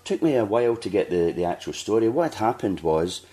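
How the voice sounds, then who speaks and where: A man's voice: on the low side, sing-song, brisk, dark tone. A Scottish man hosting a podcast, telling a long anecdote in casual chat and acting out the people he quotes. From Scotland. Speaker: podcast host.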